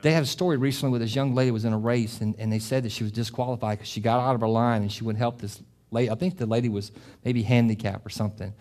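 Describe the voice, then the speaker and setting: A middle-aged man preaching a sermon as pastor. He talks with passion, often repeats and restarts phrases, and climbs to loud, emphatic peaks. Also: mid-range voice, steady tone, fast talker, few pauses. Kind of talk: sermon with closing prayer.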